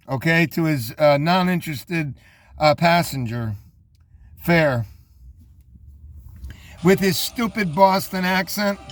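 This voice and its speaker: A man hosting casual commentary on music videos, relaxed and rambling with asides. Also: a little high, dry recording. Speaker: host.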